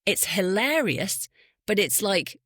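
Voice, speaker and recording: A woman voice actor with a neutral southern English accent, talking in a lively casual podcast chat and laughing often. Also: mid-range voice, slow pace, slightly rough, dry recording, clean studio sound. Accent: southern English, received pronunciation. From Scotland. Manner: chatty, enthusiastic, laughs often. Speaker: voice actor and audiobook narrator.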